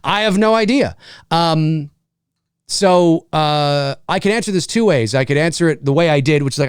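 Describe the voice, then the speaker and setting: A man's voice: on the high side, a little fast, clean tone, no room sound, clean studio sound. A middle-aged man hosting a casual live stream, reading viewer comments aloud and joking back at them. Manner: animated, reads chat aloud and jokes back.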